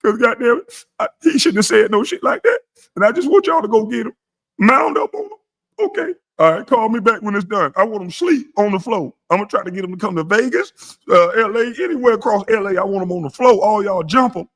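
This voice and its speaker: A man putting on a shrill, whimpering crybaby on the phone. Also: lively intonation, a little fast, fairly bright tone, heavily acted. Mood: sobbing. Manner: high-pitched, pleading, sobbing. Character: whiny grown man crying on the phone.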